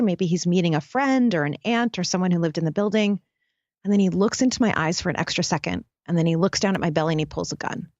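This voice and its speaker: Speaking straight to listeners with intensity, a happiness expert shares a dramatic personal story as an interview guest in candid storytelling fashion. Her voice is fairly low and a little mellow, and the recording has no room sound and dull audio.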